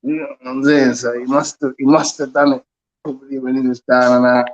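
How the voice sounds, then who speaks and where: A man's voice: mid-range voice, level tone, brisk, dull audio. A man chatting casually as a panel guest, laid-back and checking in with his listeners. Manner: laid-back, peppers talk with "you get me". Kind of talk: casual live panel chat.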